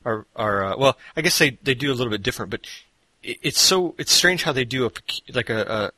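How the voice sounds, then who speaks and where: A man's voice: medium pitch, animated, a little fast, sharp tone, no room sound. A man co-hosting a gaming podcast in casual chat, rambling with lots of fillers and restarts. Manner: slips into mock accents. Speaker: podcast co-host. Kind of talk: casual chat about games.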